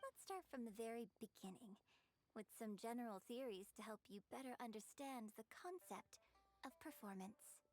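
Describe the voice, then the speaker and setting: A woman voicing a patient female opera teacher in a video game, speaking in a measured, instructive way. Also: on the high side, darkish tone, natural voice. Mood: calm, instructive.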